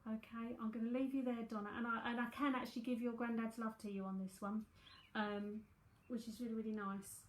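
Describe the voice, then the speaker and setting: A woman's voice: on the high side, level tone, brisk, hardly any pauses. Chatty South London woman in an echoey room. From South London, England. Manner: chatty, breezy, full of fillers and asides. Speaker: psychic medium and tarot reader. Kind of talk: live-streamed psychic reading and chat.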